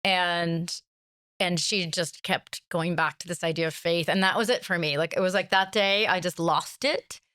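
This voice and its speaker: Animated, laughing woman telling stories. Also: lowish voice, normal speed, clear, resonant tone, no room sound, studio quality. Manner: animated storytelling, laughs often, quotes others. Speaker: author guest. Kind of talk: interview conversation.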